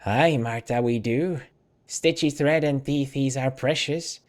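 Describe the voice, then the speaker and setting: A man reading out the lines of an odd old woman seamstress in a slow, sing-song way, speaking of herself in third person with broken grammar. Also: medium pitch, natural voice. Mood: mumbling. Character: mumbling old woman seamstress, strange and simple. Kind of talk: reading game dialogue aloud.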